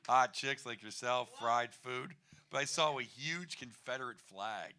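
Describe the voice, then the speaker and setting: A man's voice: medium pitch, unhurried, bright, forceful tone. A man in his fifties doing a stand-up comedy set on a bar stage, wry and rambling, chuckling at his own jokes.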